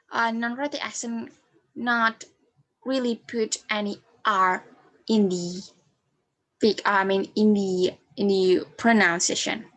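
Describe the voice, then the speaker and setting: A young woman, a non-native English speaker whose first language is Indonesian, giving a class presentation on phonetics in a halting way, with fillers and self-corrections. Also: medium pitch, a bit bright. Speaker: student presenter.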